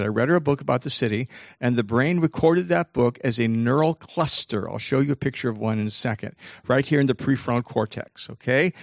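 A man in his sixties giving an animated motivational talk to a live audience, teasing the crowd and acting out voices. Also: mid-range voice, vocal fry, no room sound, clean studio sound.

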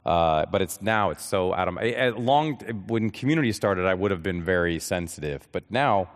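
Deadpan man joking, hall reverb. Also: sits low. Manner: self-deprecating, deadpan jokes, halting restarts. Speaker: guest actor. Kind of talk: casual interview chat.

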